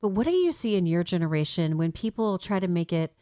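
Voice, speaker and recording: A middle-aged American woman hosting a faith-based radio talk show, speaking in a casual, animated way. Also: lowish voice, a little fast, dry recording, clean studio sound. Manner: animated, mimics ads in a sing-song voice.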